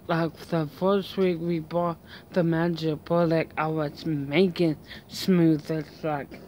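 A woman's voice: fairly low pitch, darkish tone, a little hiss or hum. A woman vlogging outdoors at home in a casual, rambling chat full of fillers and restarts.

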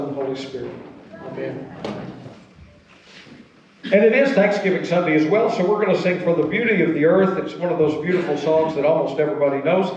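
A male pastor delivers his sermon in a folksy, conversational manner, his voice sitting a little high for a man. He is caught from a distance in a church sanctuary, so the sound rings with heavy echo and comes through a little dull. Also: a little mellow, a little hiss or hum.

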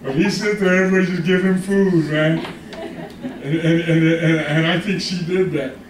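Male pastor, high voice, animated sermon delivery, recorded from afar in an echoey hall. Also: normal speed, far from the mic, background noise. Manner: animated, calls for congregation responses. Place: church hall.

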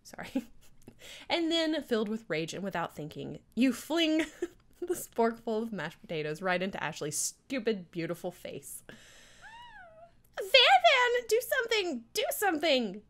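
A woman's voice: mid-range voice, expressive, a little slow. Giggly sarcastic lady streaming a silly dating game, voice jumps all over the place. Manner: sarcastic, giggly, reacts loudly.

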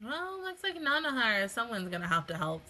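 A woman's voice: fairly high pitch, very animated, fairly quick, pushed and bright. A woman hosting an anime reaction video, chatting casually and exclaiming along as she watches.

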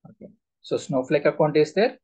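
A man's voice: a little high, expressive, a little fast, dark tone, husky. A man teaching a live SQL class, quizzing students with repeated questions. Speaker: SQL instructor.

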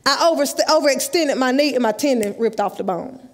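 A woman, telling a lively story in a sermon at a youth conference and acting out the dialogue. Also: high voice, fairly quick. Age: 30s. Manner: lively, acts out dialogue, laughs often. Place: large church sanctuary, live. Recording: live church hall with long echo.

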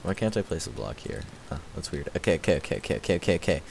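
A man streaming a game live, chatting casually with a slightly raspy voice and thanking viewers as he plays. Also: a bass voice, sing-song, rapid-fire, a little hiss or hum. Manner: chatty, thanks viewers, repeats filler words. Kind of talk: casual livestream commentary while playing.

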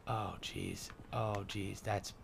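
A young gaming video host does goofy, joking let's-play commentary with some mild swearing, backed by game music and sound effects. His voice is lowish and creaky, delivered flatly at a slow pace.

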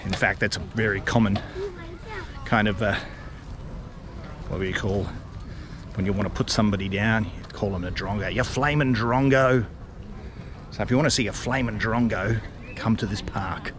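A man's voice: lowish voice, fairly even intonation, moderate pace, pauses often. Chatty Australian man walking in a park. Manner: rambling, chatty, with many fillers and restarts. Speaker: travel vlogger. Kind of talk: casual walking vlog narration. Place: outdoors in a city park. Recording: outdoor street and traffic noise.

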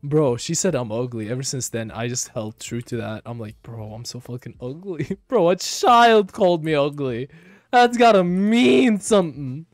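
A young man and streamer telling a story casually while gaming, slangy and profane, dropping to low mumbles and then bursting out loud. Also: animated, normal speed, no echo, clean studio sound. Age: young adult. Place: home room.

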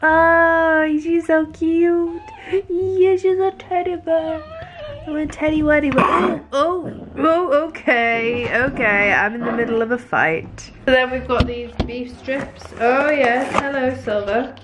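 Chatty woman, high bright voice. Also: fairly even intonation, slow, noisy background. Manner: chatty, talks to her dog in a high sing-song baby voice. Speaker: vlogger. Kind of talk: casual vlog chat with her dog.

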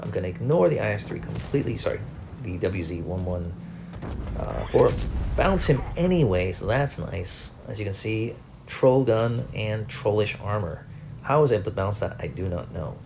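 A man's voice: on the low side, creaky, background noise. A young man, host of a gaming channel, giving chatty, self-mocking commentary over his own gameplay.

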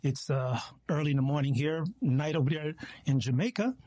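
A man's voice: on the high side, brisk, warm tone, no room sound, clean studio sound. A man from New York hosting an interview, friendly and enthusiastic as he chats with his guest. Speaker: host. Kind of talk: casual interview conversation.

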